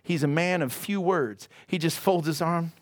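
A man pastor preaching a sermon, telling a story in an animated way and laughing often. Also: fairly high pitch, normal speed, no room sound.

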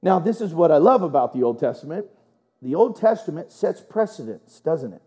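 Lively, joking pastor, higher voice. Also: male voice. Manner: animated, joking, asks rhetorical questions. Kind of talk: sermon. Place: church.

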